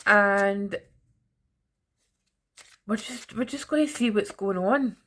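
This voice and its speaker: A woman's voice: mid-range voice, takes it slowly, a bit bright. A middle-aged woman giving a chatty, teasing tarot reading straight to her viewers. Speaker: tarot reader. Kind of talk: casual tarot reading to camera.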